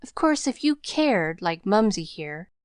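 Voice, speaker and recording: A woman's voice: mid-range voice, big pitch swings, measured pace, clear, resonant tone, no room sound, studio quality. A woman voicing a proud, crippled poor boy in a storybook, speaking in a choked, faltering way with slangy speech. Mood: tearful.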